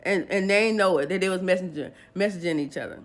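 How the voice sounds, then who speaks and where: A woman's voice: fairly low pitch, fast. A woman retelling a dramatic true story in a casual storytime way, animatedly acting out the people's lines.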